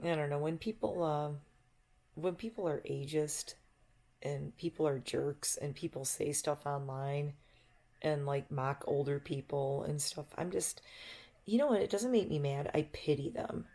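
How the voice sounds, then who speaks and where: A woman's voice: deep voice, measured pace, warm tone. A middle-aged woman vlogger talking in a chatty, reflective ramble and laughing easily. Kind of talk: casual rambling monologue.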